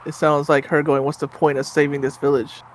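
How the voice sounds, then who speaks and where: A man's voice: a little high, little pitch movement, fairly quick, slight background noise. A man co-hosting a game stream, chatting casually and reading viewer comments aloud.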